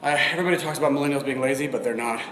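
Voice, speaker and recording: A fitness vlogger in his forties, medium-pitched and talking very fast with a pushed, bright tone, chats casually during a live-streamed workout. He swears now and then and breathes hard between sets. It's captured on a phone camera in an echoey room with long reverb.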